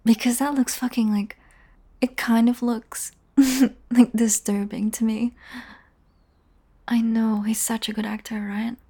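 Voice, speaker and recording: Young woman, audio role-play, teasing, swears a lot, half-whispered asides, slightly high voice. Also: little pitch movement, takes it slowly, long pauses, dark tone, breathy edge. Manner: casual, teasing, swears freely, often drops to a whisper.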